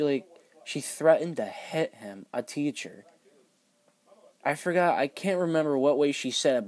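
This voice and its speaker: A man's voice: mid-range voice, darkish tone. A teenage boy vlogger telling a school story in a casual, rambling way, full of "like" fillers. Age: teens.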